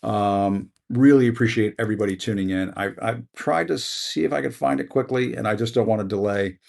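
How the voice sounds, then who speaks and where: A man's voice: on the low side, a little fast, creaky, a little mellow. Impassioned male news host. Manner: impassioned, repeating a rallying phrase; conversational, with fillers. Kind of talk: passionate news commentary monologue.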